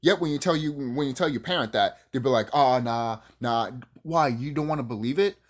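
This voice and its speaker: A man's voice: a little high, fast talker. A man from the United States ranting on his vlog in a heated, profane, preachy and rambling way. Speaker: vlogger. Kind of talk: unscripted rant to camera.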